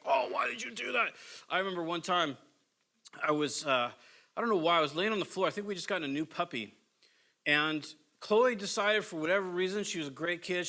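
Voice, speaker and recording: Middle-aged guy preaching, chatty storyteller, high-ish voice. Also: bright, forceful tone. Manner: conversational storytelling, acts out quotes. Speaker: pastor. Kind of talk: sermon.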